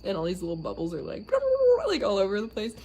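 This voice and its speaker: A woman's voice: mid-range voice, huge pitch swings, fast talker, dark tone, a little hiss or hum. A young woman casually telling a funny story, laughing often mid-sentence.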